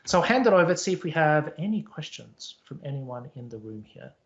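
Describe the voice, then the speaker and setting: A man's voice: on the high side, very animated, brisk. A man with a Canadian accent wrapping up a conference talk and taking questions over a video call, chatty and upbeat, often repeating words. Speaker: conference speaker. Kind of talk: casual presentation wrap-up and Q&A. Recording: dull lo-fi call audio.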